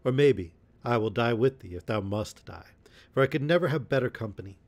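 A man's voice: medium pitch, animated, brisk, natural voice. A sturdy, loyal outlaw, hearty and bold, teasing his foes in a lifted voice, as a man reading a storybook puts him on. He sounds fearless and full of spirit.

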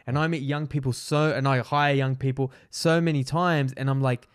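A man's voice: medium pitch, steady tone, normal speed, clean tone. A middle-aged man with an Australian accent speaks as a podcast guest in a studio. His delivery is earnest and motivational, and he doubles words for emphasis. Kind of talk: casual podcast conversation.

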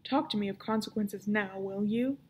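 A woman reading aloud and voicing a cold, greedy old witch who counts her gold, speaking slowly and curtly. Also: mid-range voice, darkish tone, a little hiss or hum, lightly acted, low-quality recording. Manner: slow, cold, clipped.

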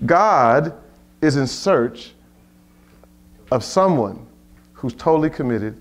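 A man's voice: medium pitch, animated, slow, long pauses. A man leading a Bible study at a retreat, preaching informally with rhetorical questions and playful asides.

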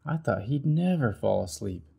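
A man voicing a sleepy, cozy fox in a children's story, calm and drowsy. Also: medium pitch, normal speed, creaky, breathy edge, heavily acted.

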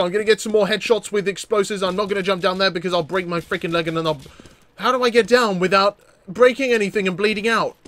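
High-pitched excitable young man gaming. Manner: excitable, jokey, stammering restarts. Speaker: gaming YouTuber. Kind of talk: casual gameplay commentary.

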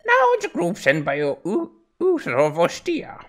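A man voicing an ancient male sage who speaks slowly and solemnly, in a creaky old-man voice. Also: on the high side, huge pitch swings, voice pushed up. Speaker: let's play host voicing characters.

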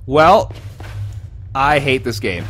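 A man's voice: mid-range voice, very animated, slow pace, fairly bright tone, slight background noise. A man hosting a let's play of a horror game, jumpy and exclaiming, talking to his viewers as folks.

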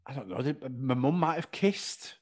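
A man's voice: mid-range voice, expressive, normal speed, darkish tone, husky. A man co-hosting a podcast, telling playful stories in a casual, joking chat. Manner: playful storyteller. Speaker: podcast co-host.

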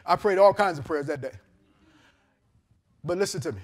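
A male pastor, preaching a storytelling sermon to his congregation. He tells the story with lively character voices and laughter. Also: high voice, moderate pace, long pauses. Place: church service in a hotel venue. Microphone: handheld or lapel mic.

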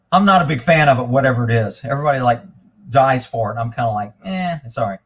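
A man hosting a casual live stream, rambling and swearing freely, getting animated when he retells a story. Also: medium pitch, brisk, breathy edge. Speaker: livestream host. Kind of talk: casual livestream chat.

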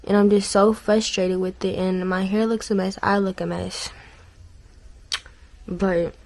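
In a rough recording from her camera mic, a teen girl vlogs around her bedroom and bathroom, rambling, using many fillers, and venting out of frustration. Her medium-pitched, darkish voice barely moves in pitch, and her pace is measured.

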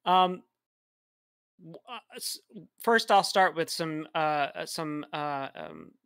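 Male caller, polite and halting, forceful bright tone, dry sound. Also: fairly high pitch, expressive, gravelly, clean tone, no room sound. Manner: polite, hesitant with many fillers. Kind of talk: casual chat.

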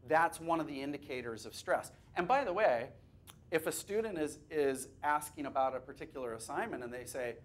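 A man's voice: a little high, a little fast. A man presenting a teacher training workshop, talking conversationally, joking and asking the audience questions. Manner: lively, conversational, asks the audience questions, jokes. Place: classroom or workshop room with a live audience.

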